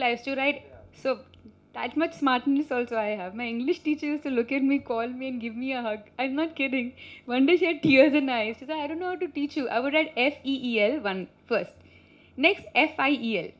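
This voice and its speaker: A woman, an actress at a press meet, telling stories in an animated, teasing way and often breaking into laughter. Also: on the high side. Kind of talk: chatty press meet answers. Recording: muffled lo-fi sound.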